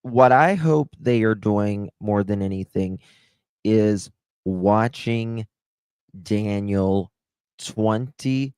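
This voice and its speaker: A man hosting a casual live commentary stream, musing slowly and putting questions to his viewers. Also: on the low side, a little mellow, clean tone, no room sound. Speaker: livestream host.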